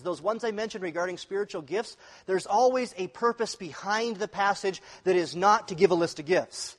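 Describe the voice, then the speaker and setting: A pastor giving a sermon in a conversational way, asking the congregation questions. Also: male voice, high voice, moderate pace, few pauses, in a large hall.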